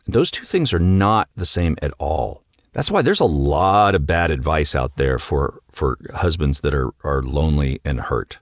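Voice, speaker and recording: A man's voice: very deep voice, expressive, moderate pace, no room sound, studio quality. A man hosting a solo podcast, talking directly and coaching his listeners, often acting out bits of dialogue. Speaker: podcast host and marriage coach.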